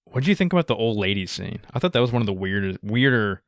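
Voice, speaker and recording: A young man co-hosting a podcast, chatting casually about movies, laughing along and quoting lines in a high mock voice. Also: very animated, fast, no echo, studio quality. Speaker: podcast co-host. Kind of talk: casual movie review chat.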